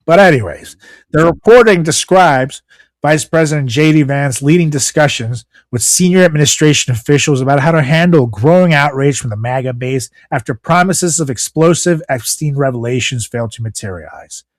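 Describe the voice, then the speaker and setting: A man's voice: on the high side, moderate pace, no room sound. A man co-hosting a podcast, ranting casually and sarcastically about the news with lots of swearing. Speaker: podcast co-host.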